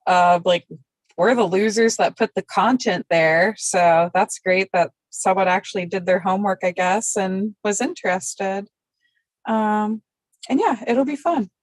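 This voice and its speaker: A woman's voice: medium pitch, measured pace, no room sound, rough recording. A woman on a casual panel, giggling often and teasing, with a casual swear now and then. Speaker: panelist assessing new cast.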